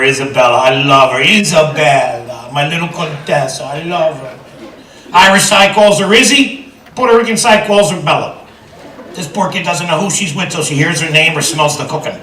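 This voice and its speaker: An older man doing a stand-up set, shouting punchlines to the crowd. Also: a little high, fairly quick. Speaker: stand-up comedian. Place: large theater with a live audience. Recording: echoey hall recorded from a distance. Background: loud crowd laughter.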